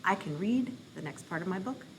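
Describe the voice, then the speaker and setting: Hosting a playful kids' read-aloud, this children's librarian, an adult parent, talks a little fast in a slightly rough, medium-pitched voice. Her manner is animated, silly and encouraging.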